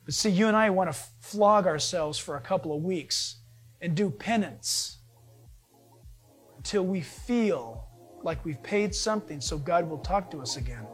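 A male pastor preaching a sermon, animated, voice rising with emphasis and dropping low and quiet at phrase ends. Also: a little slow, breathy edge, soft background music. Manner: animated preaching, pitch swings up and down.

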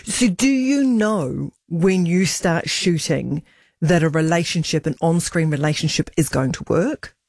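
A woman interviewing an actress, chatty and conversational with quick follow-up questions. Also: on the low side, darkish tone, no room sound, studio quality.

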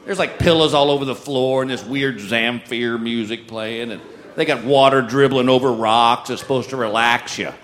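A middle-aged man telling an exasperated comic story on stage in an animated, drawling way. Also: mid-range voice, moderate pace. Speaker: stand-up comedian. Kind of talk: stand-up storytelling.

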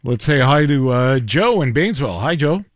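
Male radio host, mid pitch, animated delivery, dry close mic. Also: moderate pace, no echo. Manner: upbeat, laughs easily, lively intonation. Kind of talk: call-in trivia radio chat.

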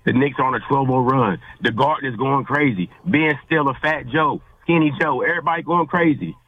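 A man co-hosting a sports talk show, emphatic and theatrical, swinging from low grumbles to high exclamations. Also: brisk, narrow, tinny audio, a little hiss or hum. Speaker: podcast co-host.

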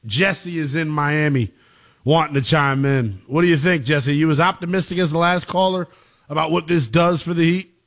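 A male sports radio host who talks casually and trades banter with his callers. His voice sits slightly high. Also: moderate pace, fairly bright tone.

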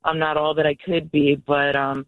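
A woman from Florida calling in to a radio show, telling an animated story about her son. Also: low voice, normal speed, no echo, phone-quality sound. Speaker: caller. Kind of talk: call-in radio testimony.

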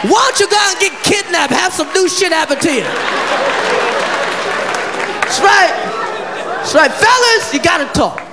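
A male stand-up comedian doing a loud, shouting routine for a live audience. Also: very high voice, lively intonation, normal speed, creaky, long pauses, heavy background noise. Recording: live club with crowd laughter.

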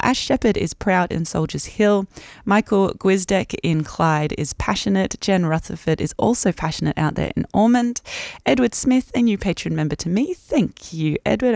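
An upbeat Australian radio presenter reads out listener names live in a studio, with a grateful lift in the voice. The voice carries a gravelly, fry-tinged texture. The sound is close and dry, with no room in it. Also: medium pitch, darkish tone, no room sound. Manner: upbeat and grateful, smiling while speaking.

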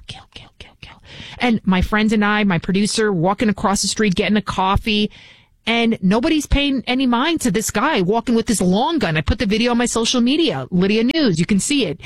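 A woman's voice: mid-range voice, no echo. A woman filling in as a talk radio host, delivering a combative, scornful political monologue into a studio mic.

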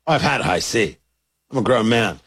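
A man's voice: fairly low pitch, lively intonation, unhurried, gravelly, fairly bright tone, slightly rough. A man co-hosting a podcast in casual chat, teasing his partner and stumbling over restarts. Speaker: podcast co-host.

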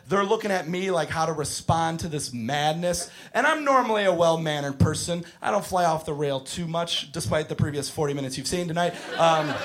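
A man in his thirties doing stand-up, telling a story in a deadpan way that bursts into shouting. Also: on the high side. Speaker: stand-up comedian. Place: comedy club stage.

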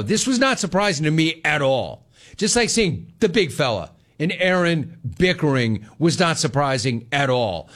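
Sports talk host, male, sarcastic and mocking, higher voice, quick to laugh.

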